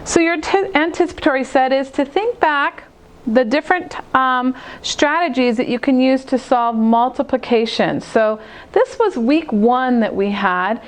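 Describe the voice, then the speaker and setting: A woman teacher with a high, light voice walks young children through a math lesson. She explains each step slowly and clearly, the way she would in a classroom. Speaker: second grade teacher. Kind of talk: recorded math lesson for kids.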